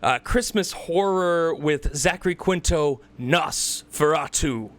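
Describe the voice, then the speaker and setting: A man hosting a podcast, reading through upcoming releases in a casual chat with quick asides. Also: on the high side, a bit bright. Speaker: podcast host.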